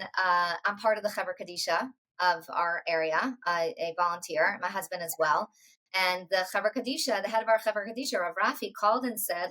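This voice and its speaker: A woman in her forties, a podcast guest, telling a personal story in a halting way, full of restarts and quoted dialogue. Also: mid-range voice, a bit bright, low-quality recording. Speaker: interview guest.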